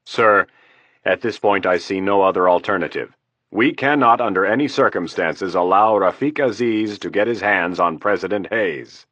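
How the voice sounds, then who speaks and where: A blunt, insistent army general, voiced by a man reading an audiobook, low and forceful. He presses every point with urgent firmness. The sound is dry and close. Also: normal speed, no echo, highs cut off. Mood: urgent firm.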